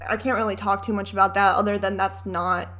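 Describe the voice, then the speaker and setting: A woman's voice: medium pitch, level tone, fairly quick, a bit bright. A woman in her twenties giving candid, chatty commentary over a film, swearing and ranting as she goes. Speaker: reaction video host.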